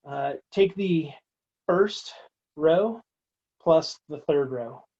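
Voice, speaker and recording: A man's voice: fairly high pitch, animated, extremely slow, darkish tone, breathy edge, dull audio. A man teaching a recorded math lecture, working through steps aloud in a casual, wry way. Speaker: math instructor.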